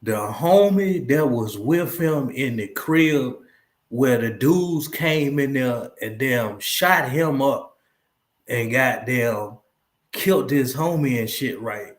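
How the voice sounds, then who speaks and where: A man's voice: mid-range voice, lively intonation, takes it slowly. Man, reaction streamer, slangy, keeps checking you follow, echoey room. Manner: slangy, keeps asking "you get what I'm saying". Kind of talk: casual reaction commentary.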